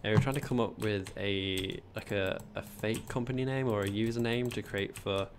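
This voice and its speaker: Background noise accompanies a low-leaning male voice, steady in tone and moderate in pace. The speaker, a posh-accented man from England, builds in a gameplay livestream, chatting loosely, rambling, and reading out messages from chat.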